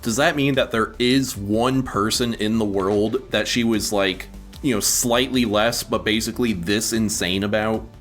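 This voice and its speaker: Lower-voiced man, hesitant and jokey. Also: steady tone, a little slow, a bit bright, soft background music. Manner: hesitant with many "uh" and "um" fillers, jokey. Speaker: podcast co-host. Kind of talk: casual movie review chat.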